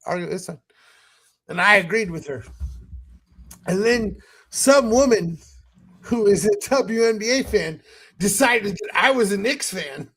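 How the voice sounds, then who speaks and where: High-pitched guy hosting a podcast, rants and swears, keeps cracking himself up. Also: a little slow, pauses often, husky. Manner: animated, profane ranting with laughing asides. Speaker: podcast host. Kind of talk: casual chat.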